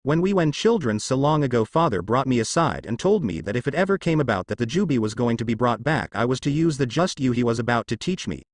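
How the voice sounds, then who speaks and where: A man voicing a calm, ancient male fox spirit who speaks in a measured way. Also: medium pitch, no room sound, clean studio sound, close to an everyday voice.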